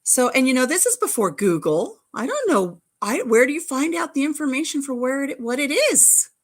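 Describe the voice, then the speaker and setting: Her voice sits high and has a sing-song lilt at normal speed. The middle-aged woman is hosting a casual livestream, telling childhood stories chattily and gigglingly, full of playful innuendo.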